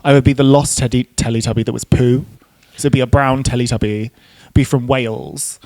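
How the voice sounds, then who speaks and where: A man's voice: medium pitch, fairly even intonation, a little fast, warm tone. A man in a casual interview about doing drag who is camp and chatty and swears freely between ums and likes. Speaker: drag queen guest.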